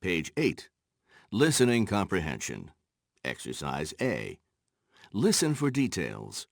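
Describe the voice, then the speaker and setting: A man narrating textbook exercises in a slow, instructional way, with a gravelly voice. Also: fairly low pitch, dry recording, clean studio sound. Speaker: course narrator.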